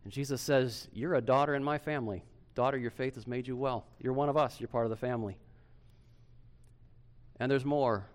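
Animated male pastor preaching. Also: medium pitch, a little fast. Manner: animated preaching, swinging from loud emphasis to hushed softness. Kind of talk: sermon.

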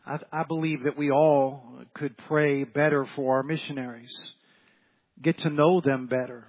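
A man's voice: on the high side, fairly even intonation, moderate pace, lo-fi sound. A man preaching an evening church sermon as pastor, folksy and repetitive, often acting out the voices of people in his stories. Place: church sanctuary.

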